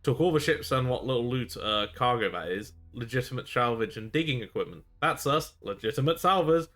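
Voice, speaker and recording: Voicing a boastful, shifty male space pirate stranded on a planet, a man reads game lines with a gruff, folksy, wheedling manner. He sounds aggrieved, using a natural, mid-range, fairly bright voice with lively intonation at a fairly quick pace.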